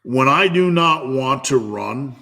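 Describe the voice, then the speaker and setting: A man's voice: medium pitch, expressive, takes it slowly, gravelly, sharp tone. A man hosting a live fitness Q&A, giving a blunt, profane pep talk. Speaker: fitness channel host.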